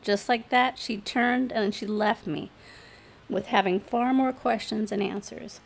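Woman narrating a story, even medium voice, just reading it straight. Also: mid-range voice, measured pace, vocal fry. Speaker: story reader. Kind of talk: first-person story narration.

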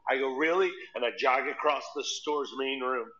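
A stand-up comedian chatting casually and telling animated stories, acting out other people's voices. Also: male voice, medium pitch, normal speed. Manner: animated storytelling, acts out voices. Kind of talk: casual chat. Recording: dull lo-fi audio.

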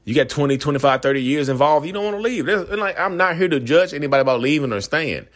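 A man's voice: fairly high pitch, expressive, fast talker, a bit bright. A man ranting in a casual monologue, rambling and repeating himself as he acts out quoted voices. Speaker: self-aware narcissist vlogger.

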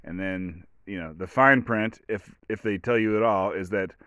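A man's voice: deep voice, moderate pace, few pauses, a bit bright, dry recording, studio quality. A man talking on his own show in casual commentary, rambling and sarcastic, full of restarts and fillers. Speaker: podcast host.

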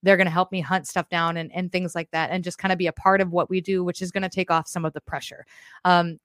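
A woman's voice: fairly low pitch, flat delivery, fast talker, fairly bright tone, dry recording. Candid woman podcaster, dry close sound. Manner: candid, emotional, rambling with restarts. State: shaken and teary. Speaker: podcast host. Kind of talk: casual live-stream monologue.

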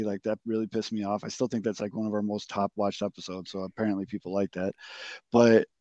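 A man's voice: mid-range voice, no echo, highs cut off. A man hosting a casual sports podcast, rambling and swearing as he gets worked up. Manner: profane, rambling, excitable. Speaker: podcast host.

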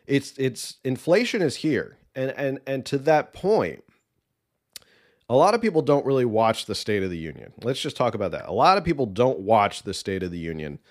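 A man's voice: medium pitch, sing-song, moderate pace. A man hosting a political podcast, giving casual, opinionated commentary with sarcasm and exasperation.

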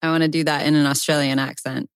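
A woman's voice: low voice, flat delivery, fast, smooth, no echo. A woman co-hosting a casual podcast, telling a story playfully and joking about herself. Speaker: podcast co-host.

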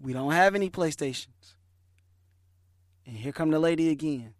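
A man, hosting a podcast and telling a lively, slangy story in a casual way. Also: fairly high pitch, normal speed, pauses often, no echo, clean studio sound. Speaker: podcast host.

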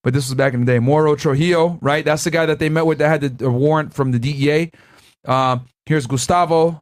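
A man talks through a crime documentary in casual, animated commentary, swearing freely and laughing between points. His voice sits a little higher than most men's. He explains the legal side like a former prosecutor. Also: brisk. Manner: animated, profane, laughing asides.

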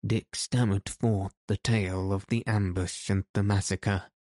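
Slow, low-voiced male narrator. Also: dry recording, studio quality. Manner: measured, even storytelling. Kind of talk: audiobook narration.

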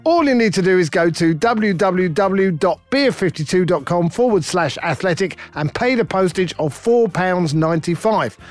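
A man hosting a podcast, reading an ad and putting questions to guests in a brisk, upbeat way. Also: high voice, expressive, faint music behind. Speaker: podcast host.

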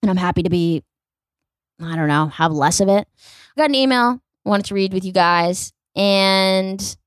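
A woman's voice: medium pitch, moderate pace, clear, resonant tone, no room sound. Snarky, profane woman podcaster, dry sound. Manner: profane, rambling, snarky storytelling with acted-out quotes. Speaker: podcast host and comedian. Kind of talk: solo comedy podcast monologue.

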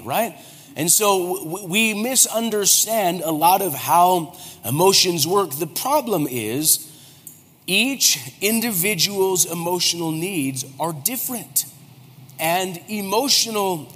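A man's voice: a little high, slow. A man in his forties, a pastor preaching a humorous sermon and acting out quoted voices. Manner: animated, joking, acts out quoted voices. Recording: hall reverb, faint background noise.

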